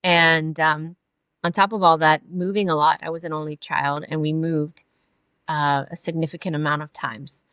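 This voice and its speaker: A woman in her forties from California, a podcast guest telling her life story in a halting way with many fillers and restarts. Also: low-pitched, fairly even intonation, fairly bright tone, clean tone, no room sound. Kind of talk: personal storytelling in an interview.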